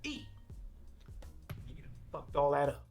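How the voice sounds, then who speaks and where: A man's voice: on the high side, sing-song, unhurried, gravelly, darkish tone, soft background music, heavily acted. An actor playing a brash young man who trash-talks his friend with crude street slang in a sitcom. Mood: angry. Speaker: sitcom character. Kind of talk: sitcom acting.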